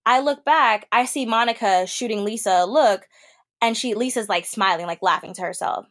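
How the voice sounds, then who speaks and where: A young adult woman co-hosting a podcast, telling a story in casual chat and acting out the quotes with big jumps in pitch. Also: moderate pace, a bit bright. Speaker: podcast co-host.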